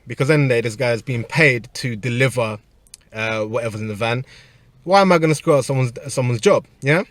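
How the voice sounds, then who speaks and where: A man's voice: medium pitch, brisk, no room sound. Man rambling through a story. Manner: rambling, animated anecdote with frequent restarts. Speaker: personal trainer. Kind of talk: casual storytelling.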